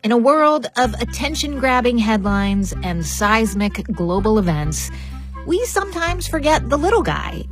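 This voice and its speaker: Woman host, scripted narration, measured delivery, faint music behind. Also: a little high. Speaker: radio host.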